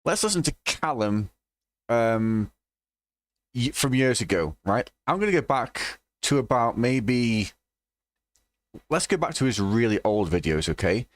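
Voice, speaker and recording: A man reacts to a clip in sweary, mocking commentary, his pitch bouncing around as he talks. He is recorded on a cheap, dry-sounding home microphone. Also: sing-song, measured pace, pauses often, no room sound. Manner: sweary, mocking, laughs often.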